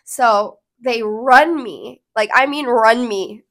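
Woman vlogger, slightly high voice, earnest and emotional casual storytelling to camera. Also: slow pace, fairly bright tone.

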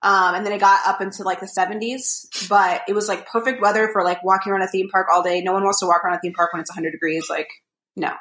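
A woman's voice: medium pitch, steady tone, fast, fairly bright tone, echoey room. A young woman in casual podcast chat, telling a rambling story full of fillers and acted-out quotes. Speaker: podcast co-host.

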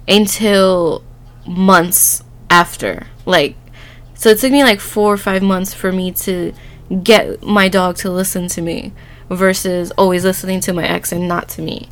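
A young woman in her twenties telling a personal story in a chatty, casual way, laughing often and acting out dialogue. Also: mid-range voice. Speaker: vlogger.

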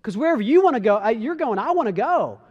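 A man preaching as a fervent, frightened disciple, pitched high and pushing hard. He pleads and insists in a raised, urgent voice. A long reverb of a large hall trails each line. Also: very animated, fast talker, dull audio, exaggerated voice. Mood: pleading. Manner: pleading, impassioned, emphatic. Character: eager, frightened devoted male disciple, adult.

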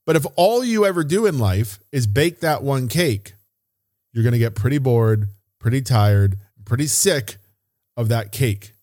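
A man's voice: medium pitch, expressive, unhurried, darkish tone, no echo, clean studio sound. Emphatic man giving a motivational talk. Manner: emphatic, repeats phrases for stress; casual, occasional swearing. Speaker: business coach and podcast host. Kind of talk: solo motivational podcast talk.

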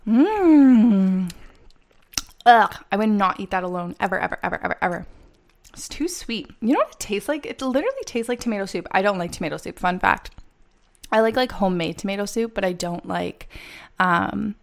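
A woman's voice: mid-range voice, animated, a little fast, gravelly. A young woman from Canada with a Canadian accent, hosting a casual solo podcast and chatting animatedly to her listeners. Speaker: podcast host.

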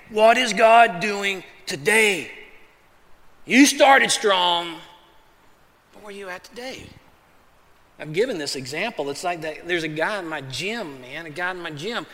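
A pastor preaching a sermon in a casual, conversational way, acting out quick voices and calling his listeners "man". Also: high voice, sharp tone. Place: large church hall. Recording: long hall reverb.

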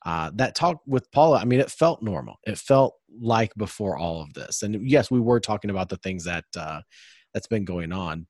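A man's voice: deep voice, no echo, clean studio sound. A man hosting a casual sports podcast, rambling and upbeat, hyping up his guest. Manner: rambling, upbeat hype-style introductions. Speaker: podcast host.

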